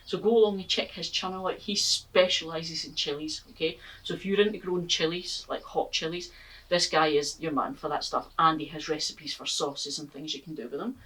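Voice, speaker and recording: A woman's voice: low voice, steady tone, fairly quick, fairly bright tone, husky, far from the mic, low-quality recording. A Scottish woman hosting a gardening vlog, chatting casually and upbeat with plenty of ums. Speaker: gardening channel host. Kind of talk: casual vlog chat to viewers. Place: outdoor garden. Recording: voice from away from the mic.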